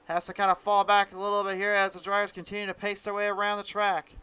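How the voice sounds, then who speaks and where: A man's voice: sits high, monotone, pushed and bright, clean tone, no echo, dull audio. A man calling a sim racing event, reading the starting lineup and giving hyped play-by-play commentary. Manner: rapid hype announcer reading a long lineup, self-correcting.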